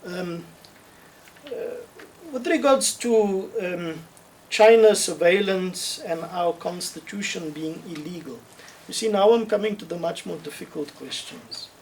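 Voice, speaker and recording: A man answers questions on a video call, his voice sitting fairly high for a man. He reasons aloud in measured steps, restarting phrases and repeating key points for emphasis. The mic sounds a bit distant, with a faint hiss behind him. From South Africa. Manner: measured, thoughtful, with frequent restarts and emphatic repetition. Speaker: webinar speaker answering questions. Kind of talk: Q&A answers in an online webinar.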